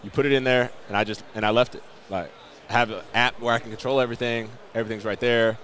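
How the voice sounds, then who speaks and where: A man guest on a radio show, chatting casually and upbeat while pitching a product. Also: steady tone, fast talker, fairly bright tone. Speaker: guest football player. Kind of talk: casual interview chat. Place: outdoor radio row booth.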